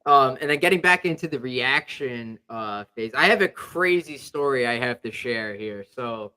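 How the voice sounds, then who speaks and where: A man's voice: mid-range voice, expressive, moderate pace, sharp tone, clear, resonant tone. A young man hosting a podcast, telling a rambling sports story in casual chat with lots of fillers. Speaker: podcast host.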